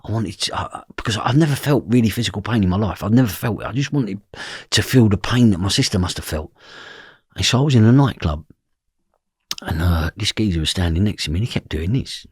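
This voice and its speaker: A man's voice: lowish voice, expressive, a little fast, darkish tone, slightly rough, no echo, clean studio sound. A man, a podcast guest telling a personal story in a blunt, emotional way and swearing freely. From London.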